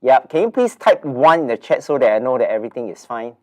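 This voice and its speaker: A man's voice: mid-range voice, sing-song, fast. Nasal Singaporean man hosting a webinar. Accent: Singaporean English. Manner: chatty and rambling, with many fillers and repeated words. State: blocked nose. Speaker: webinar host. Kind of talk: casual webinar presentation.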